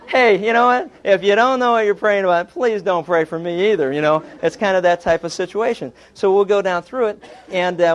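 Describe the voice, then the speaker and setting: Guy preaching, jokey storytelling, kinda high voice, lively. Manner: humorous storytelling, animated. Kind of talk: sermon.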